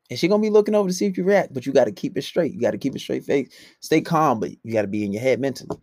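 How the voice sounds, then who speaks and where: A man giving blunt, profane dating advice in a casual monologue, swinging between loud outbursts and low mutters. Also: animated, very fast, no echo, clean studio sound.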